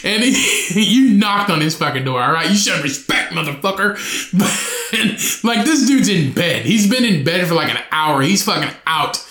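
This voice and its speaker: A young man hosting a solo podcast, telling college stories in a loud, profane, laughing way. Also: high-pitched, normal speed, roomy sound. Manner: profane, laughing often, animated storytelling. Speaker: podcast host. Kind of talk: casual solo podcast storytelling.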